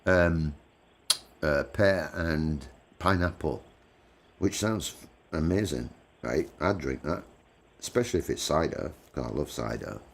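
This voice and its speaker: A man's voice: extremely low pitch, lively intonation, unhurried, gravelly. An English man hosting a livestream, chatting casually with viewers, laughing often and swearing freely. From England. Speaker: livestream host. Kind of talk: casual chat with live viewers. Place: living in the United States.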